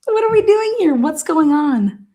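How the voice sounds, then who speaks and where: A woman's voice: high voice, very animated, unhurried, mellow. A woman hosting a trial commentary, reacting to courtroom video with constant swearing, laughter and outrage.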